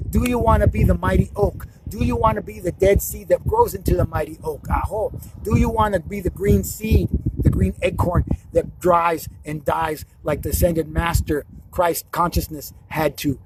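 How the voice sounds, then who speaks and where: Guy doing a slow chanty spiritual talk to camera, bit higher voice, faint hiss behind. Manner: slow, repetitive, chant-like, emotional. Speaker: spiritual healer. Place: outdoors.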